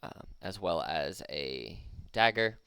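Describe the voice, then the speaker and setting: A very low, gravelly male game master with a smooth, resonant tone. He narrates a tabletop game in a relaxed, easygoing manner and laughs often. The sound is dry and close. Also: slow pace, no echo.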